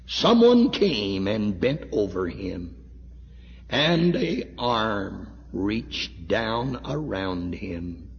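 A man preaching a sermon, telling a story dramatically and swinging from hushed tones to shouts. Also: on the low side, big pitch swings, very slow, vocal fry. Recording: dull echoey hall recording.

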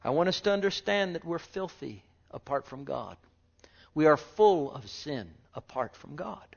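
A man preaching a sermon in a fairly high voice, swinging from near-whispered murmurs up to ringing exclamations. He leans on rhetorical questions and repetition. The recording sounds dull and lo-fi. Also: expressive, normal speed, vocal fry. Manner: fervent, swings from hushed murmurs to loud exclamations.

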